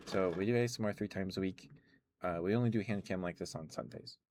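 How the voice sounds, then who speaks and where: A man with a very deep voice chats casually to his viewers into a close mic. He rambles in a relaxed way, full of fillers and soft laughs, with a faint hiss behind him. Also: a little fast. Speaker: ASMR streamer. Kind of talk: casual chat to stream viewers.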